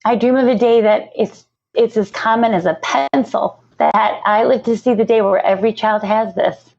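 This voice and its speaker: A woman's voice: a little high, steady tone, moderate pace, vocal fry, a little mellow. Earnest woman on a muffled line. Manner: earnest, passionate, repeats herself. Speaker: nonprofit founder, guest. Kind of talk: emotional podcast interview. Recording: muffled lo-fi audio.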